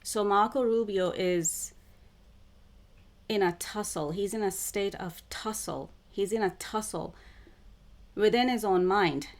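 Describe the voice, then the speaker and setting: A woman with a mid-range voice, describing herself as a psychic channeler, delivers a spiritual monologue to camera. Her phrasing is slow and deliberate, repeatedly circling back to the same words.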